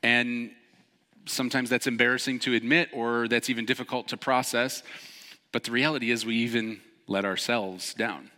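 Pastor guy preaching a sermon, bright tone, acting out the shouting bits in the story, long echo in a big church hall. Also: medium pitch, steady tone, moderate pace. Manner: storytelling, acts out shouted dialogue.

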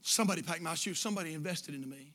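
A middle-aged man, preaching a sermon and telling a story that builds to shouted fervor. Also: a little high, rapid-fire. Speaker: pastor.

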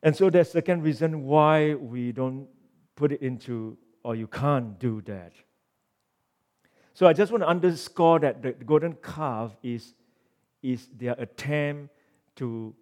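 Reading scripture during his sermon, this mid-range-voiced pastor alternates between forceful emphasis and quiet asides, throwing rhetorical questions at the congregation.

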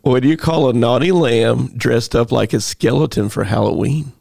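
A man's voice: medium pitch, gravelly, a little mellow, no echo, clean studio sound. A church staff member, a man, chatting casually and telling pun jokes. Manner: jokey, quick to agree, tells puns. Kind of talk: casual chat.

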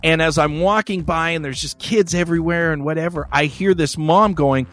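A man's voice: fairly high pitch, normal speed, hardly any pauses, a bit bright, no room sound. A man hosting a podcast, telling a story in a profane, rambling, wry way. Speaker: podcast host. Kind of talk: casual storytelling chat.

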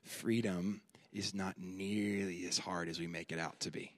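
A man preaching a sermon at a conference, with slow, deliberate phrasing, repeated lines and loud, emphatic peaks. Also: sits low, steady tone, no echo.

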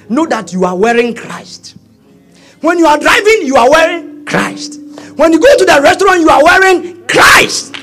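A man, preaching a sermon, swinging from quiet asides to shouting. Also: extremely high pitch. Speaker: pastor.

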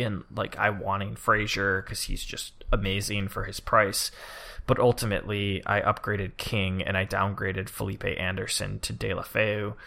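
A man's voice: on the low side, gravelly, pushed and bright. A man co-hosting a casual podcast, rambling eagerly as he talks through his reasoning. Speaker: podcast co-host.

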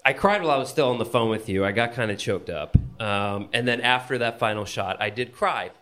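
A man telling a personal story on stage at a live event, animated and profane, often laughing as he talks. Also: mid-range voice, fairly quick.

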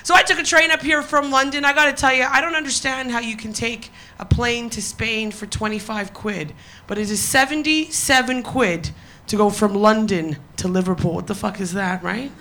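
A woman's voice: a little high, normal speed, few pauses, bright, forceful tone. A woman comedian performing a punchy, profane stand-up set on a live stage.

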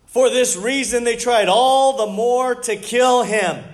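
A middle-aged pastor preaches in a conversational, animated way, peppering his congregation with rhetorical questions. His voice is extremely high-pitched and his delivery slow.

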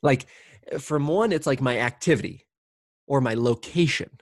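A man's voice: medium pitch, normal speed, dry recording, clean studio sound. A man in casual reflective conversation, talking candidly in a rambling way, with many fillers and restarts and casual swearing.

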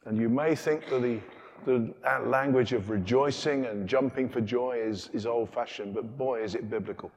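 A man preaching in a lively, conversational way, throwing out rhetorical questions to his congregation. His mid-pitched voice carries into the long reverb of a large church. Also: moderate pace, muffled recording. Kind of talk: sermon.

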